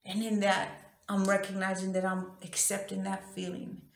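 A woman's voice: mid-range voice, completely flat delivery, normal speed, vocal fry, reverberant. A woman telling a personal story in a raw, profane, emotionally open confessional way. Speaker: vlogger.

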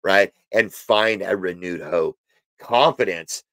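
A man's voice: low-pitched, takes it slowly, fairly bright tone, no echo. A man teaching on a Bible passage in a casual, rambling way, full of fillers and restarts, sometimes emphatic. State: has hiccups. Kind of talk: informal spoken Bible teaching.

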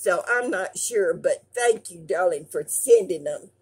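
A woman's voice: fairly low pitch, animated, a little slow, slightly rough. An older woman, hosting her craft channel and reading fan mail aloud in a folksy, affectionate way.

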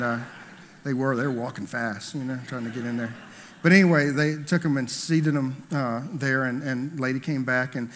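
Guy pastor preaching, chatty, asks the crowd stuff, kinda high voice, echoey church hall. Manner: conversational, asks the congregation questions. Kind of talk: sermon with a told story. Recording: long hall reverb.

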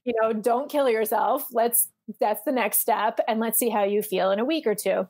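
A woman's voice: on the high side, moderate pace, a little mellow. A middle-aged woman speaking as a podcast guest, telling her story candidly and animatedly, acting out the voices she quotes, with frequent fillers.

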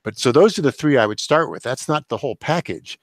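An older man, a professor and author, giving measured, explanatory answers as a guest in an interview. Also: medium pitch, lively intonation, dry recording. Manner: measured, explanatory, occasional chuckle.

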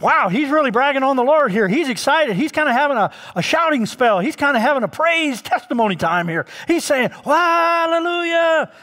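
A man's voice: very high-pitched, animated, a little fast, hardly any pauses, a bit bright. A male pastor preaching a sermon to his congregation, drawing out key words and addressing them directly. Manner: emphatic, draws out key words. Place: church sanctuary. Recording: long church reverb.

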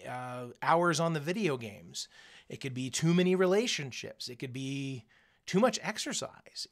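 A man teaching a recorded lesson to students, speaking in a conversational, coaching way and acting out the voices of people he quotes. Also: medium pitch. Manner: animated, acts out quoted voices.

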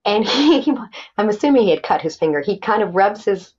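Animated woman telling her story, lo-fi. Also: medium pitch, a little fast, breathy edge. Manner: animated, acts out quoted voices. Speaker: guest. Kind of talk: personal storytelling interview. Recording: dull lo-fi sound.

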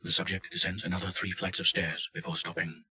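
A man giving deadpan scripted narration of a report. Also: low voice, brisk, rough recording.

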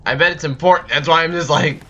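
A man's voice: fairly high pitch, fast, bright, forceful tone, dull audio. A man giving goofy, rambling let's play commentary with sudden outbursts while he plays. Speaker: gameplay commentator.

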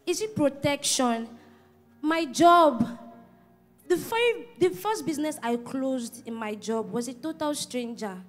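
A woman in her twenties giving an earnest, grateful testimony in church. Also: high voice. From Nigeria. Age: 20s. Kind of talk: personal testimony at church service.

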